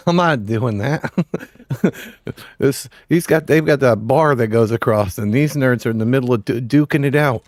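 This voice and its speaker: A man's voice: mid-range voice, no room sound, clean studio sound. A man streaming a game live, chatting casually with viewers, swearing a lot and laughing often. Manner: profane, laughing, rambling. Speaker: livestream gamer.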